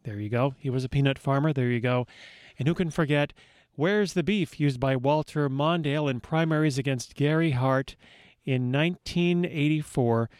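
A man's voice: mid-range voice, moderate pace, darkish tone, smooth, no room sound. A man hosting a radio show from a studio, introducing records with wry, dry asides.

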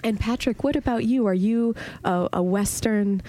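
A woman's voice: mid-range voice, normal speed, mellow, no echo. Chatty, eager female interviewer. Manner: enthusiastic, rambling with restarts. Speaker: interviewer host. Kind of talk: conversational interview.

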